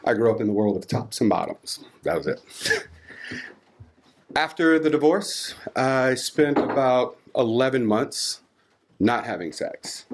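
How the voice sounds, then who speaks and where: A man's voice: medium pitch, expressive, unhurried, a little hiss or hum. Candid self-mocking man in his forties. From Washington, D.C. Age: 40s. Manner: candid, self-mocking, laughing through the tale. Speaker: storyteller. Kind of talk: live storytelling. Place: theatre stage.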